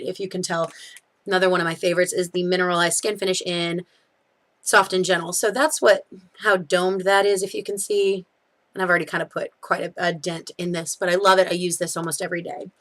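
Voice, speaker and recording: A young woman with a light drawl talks through her favorite makeup in an easygoing, gushing way. Her pitch sits in an ordinary middle range, and she piles on fillers and cheerful corrections as she goes. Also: a bit bright. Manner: chatty and gushing, with many fillers and self-corrections. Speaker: beauty vlogger. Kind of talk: casual product review.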